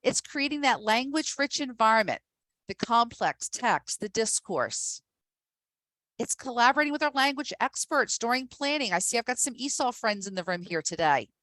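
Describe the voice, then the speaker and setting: A woman's voice: fairly high pitch, sing-song, normal speed, a bit bright, no room sound. Upbeat woman presenting to teachers. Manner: upbeat, emphatic, addresses audience directly. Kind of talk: professional development talk.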